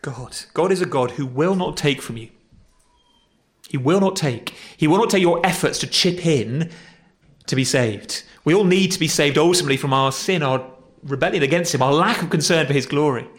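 A man's voice: fairly high pitch, moderate pace. Man preaching conversationally. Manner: conversational, self-deprecating preaching with repetitions. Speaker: pastor. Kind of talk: sermon.

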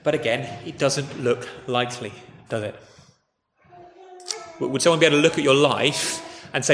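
A man's voice: mid-range voice, moderate pace, vocal fry, pauses often, a bit bright, a little hiss or hum. A man preaching a conversational sermon, telling stories and speaking directly to the congregation and the children. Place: church. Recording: echoey church hall with long reverb.

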